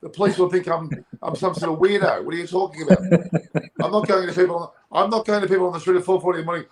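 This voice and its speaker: A middle-aged man trading cricket opinions in casual conversation. He is jokey and animated, and his voice leaps up in pitch when he protests. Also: fast talker, low-quality recording. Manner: animated, jokey, rises high when indignant. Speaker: cricket show co-host. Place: Coogee, Australia.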